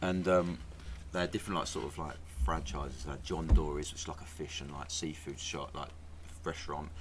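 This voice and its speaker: A young man, a podcast guest telling stories in casual chat over drinks, animated and swearing freely. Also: extremely low pitch, a little fast. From London, England. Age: young adult. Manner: animated storyteller, swears freely, slips into mimicry. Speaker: podcast guest, personal trainer. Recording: noticeable background noise.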